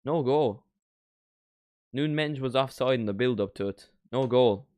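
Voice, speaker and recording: A young man commentating on a live match for his stream, his voice sitting in a middle pitch and sounding dry and close to the mic. He chats along casually with viewers and jumps loudly at goals and near misses. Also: measured pace, no room sound. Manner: excitable, shouts at big moments, chats to stream viewers. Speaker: watchalong streamer. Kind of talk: live football watchalong commentary.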